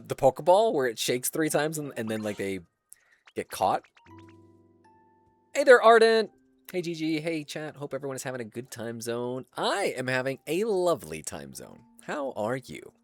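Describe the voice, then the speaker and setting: Male game streamer, casual and giggly, swears, animated delivery over faint background music. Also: medium pitch, normal speed. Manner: laughs often, swears casually, chats to viewers. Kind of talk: casual live-stream gameplay chat.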